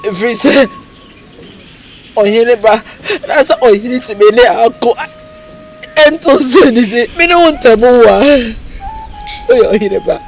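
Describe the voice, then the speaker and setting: An actress playing a tearful, distraught young fiancée, talking in a choked voice. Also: female voice, on the high side, a little slow, long pauses, soft background music, lightly acted, low-quality recording. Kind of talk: film drama acting.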